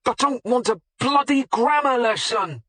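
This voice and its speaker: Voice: medium pitch, sing-song, a little slow, breathy edge, dry recording. An audiobook narrator voicing a defensive, coarse-spoken middle-aged male butcher being questioned by police, in blunt colloquial speech. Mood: nervous. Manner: blunt colloquial working-class talk.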